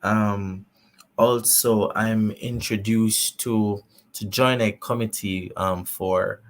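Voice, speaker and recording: A man with a Jamaican accent, chatting as a guest in an interview, animated and laughing often. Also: on the low side, slow pace. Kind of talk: casual interview chat.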